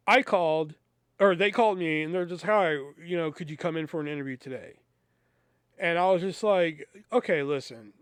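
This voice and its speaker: A man with a fairly high, smooth and resonant voice tells a rambling story in a casual, profane way, playing every part in the conversations. The sound is dry and close. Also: no echo. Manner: animated, profane, acts out both sides of conversations. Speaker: podcast host.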